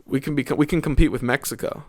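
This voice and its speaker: A man's voice: mid-range voice, fairly even intonation, fast, darkish tone. A young man from Canada hosting a podcast, rambling and joking casually with plenty of swearing. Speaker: podcast host.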